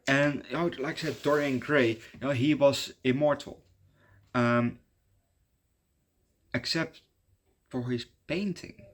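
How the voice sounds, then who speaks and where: A man's voice: medium pitch, slow, long pauses, fairly bright tone. A man giving a casual, rambling movie review, circling back with lots of fillers and restarts.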